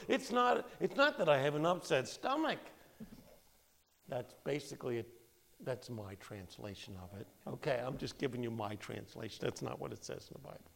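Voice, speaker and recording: A man teaching a Bible study, reading scripture aloud and explaining it in a lively, conversational way. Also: mid-range voice, moderate pace, vocal fry. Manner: lively, conversational, acts out quotes.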